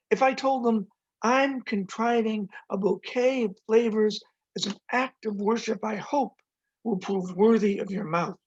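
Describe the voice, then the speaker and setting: Man in his 60s, poet reading, slow and deliberate, husky voice, muffled call audio. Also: high-pitched. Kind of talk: poetry reading. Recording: dull lo-fi video call audio.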